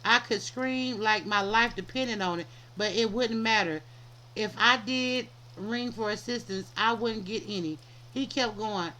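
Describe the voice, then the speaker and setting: A woman's voice: mid-range voice, unhurried, sharp tone, a little hiss or hum, poor audio. A woman hosting a podcast, reading a book aloud and often stumbling, restarting and correcting herself.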